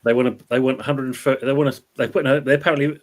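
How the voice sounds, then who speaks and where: A man's voice: medium pitch, fairly even intonation, rapid-fire. A man hosting a casual football chat show, reading viewer comments aloud in a laid-back way. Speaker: podcast host reading live chat.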